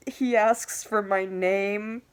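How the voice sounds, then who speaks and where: A woman in her twenties telling a casual storytime vlog, swearing constantly and talking excitably. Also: medium pitch, slow, clear, resonant tone. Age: 20s. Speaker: vlogger.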